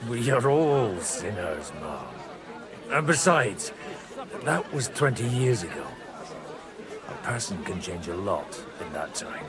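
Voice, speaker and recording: A man's voice: on the low side, big pitch swings, slow, crowd noise. An actor playing a roguish young man, speaking in a wry, sheepish way. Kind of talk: video game voice acting.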